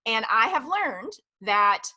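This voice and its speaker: A woman's voice: a little high, very animated, takes it slowly. A woman in her thirties, a business coach, chatting casually and cheerfully as a podcast guest. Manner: upbeat, warm, laughs easily. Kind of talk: casual interview chat. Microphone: video call.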